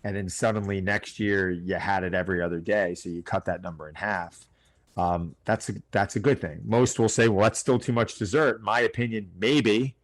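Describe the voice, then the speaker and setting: Earnest low-voiced man coaching. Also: fairly even intonation, normal speed. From Long Island, New York. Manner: earnest, coaching, acts out clients in quotes. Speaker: personal trainer guest. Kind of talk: casual podcast interview.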